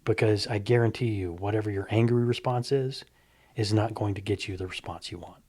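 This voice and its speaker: A man's voice: on the low side, brisk, husky. A middle-aged man, a stunt coordinator, telling stories in casual conversation and acting out the dialogue. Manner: animated storyteller who acts out quoted dialogue.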